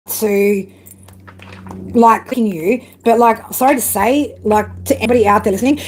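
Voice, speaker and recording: A woman's voice: fairly high pitch, breathy edge. Aussie tarot lady live streaming, swears a ton, blunt and ranty. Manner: blunt, heavily profane ranting. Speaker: tarot reader. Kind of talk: live-stream reading, chatting with viewers.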